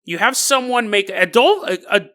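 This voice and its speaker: A podcast host giving a casual monologue in a joking, animated way, with frequent quick restarts. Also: mid-range voice. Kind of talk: casual monologue on conspiracy lore.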